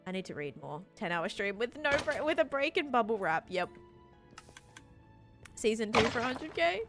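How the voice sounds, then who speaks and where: With a slightly high, sing-song voice at a moderate pace, a young female streamer talks casually as she plays. She reads out her chat and replies to viewers in a friendly, rambling manner, faint music playing in the background.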